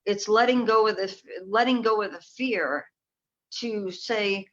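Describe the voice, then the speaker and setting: A woman's voice: mid-range voice, moderate pace, fairly bright tone. A woman from New York, a clairvoyant guest, telling her story in a rambling way that trails off and restarts. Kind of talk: casual interview chat. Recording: dull lo-fi call audio.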